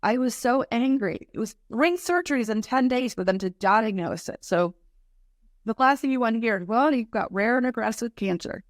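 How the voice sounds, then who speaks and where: A woman's voice: a little high, expressive, no echo. Middle-aged woman telling her story, dry sound. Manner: earnest, acts out her past reactions in quick asides. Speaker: podcast guest. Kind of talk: candid personal storytelling.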